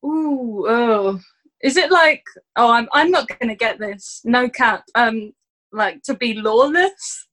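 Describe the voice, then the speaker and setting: A woman with a high, bright voice, talking slowly in a casual chat. She hesitates with frequent ums and giggles easily.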